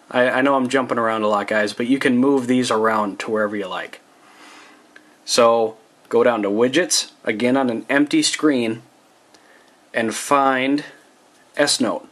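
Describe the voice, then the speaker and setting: Chatty man walking through a phone setup. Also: medium pitch. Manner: chatty, talks straight to viewers as "guys"; loose and rambling, with restarts and asides. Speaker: tech reviewer. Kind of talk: casual phone tutorial.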